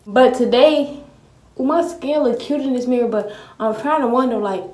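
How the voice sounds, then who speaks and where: A young woman vlogger chats casually and straight to her viewers in a get-ready-with-me video from her bedroom, using plenty of slang. Her voice is on the high side and a little mellow, at a normal speed, recorded on a phone camera.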